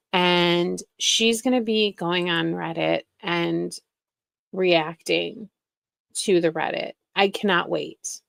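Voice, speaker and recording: Woman host, slow gravelly delivery, sarcastic and laughing, dry close sound. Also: mid-range voice, no echo. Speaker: reaction streamer host. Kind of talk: mocking reaction commentary.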